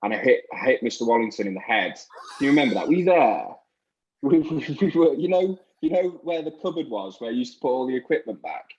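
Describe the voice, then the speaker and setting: A man's voice: medium pitch, big pitch swings, brisk, darkish tone, highs cut off. A man in his thirties with an English accent, a podcast guest reflecting loosely on school days, full of fillers. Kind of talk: casual chat.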